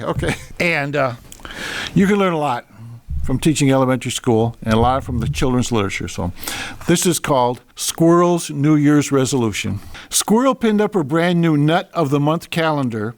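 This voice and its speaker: A man's voice: on the high side, expressive, normal speed, no echo. An older man hosting a podcast, reading jokes and a children's story aloud with chatty asides and small stumbles.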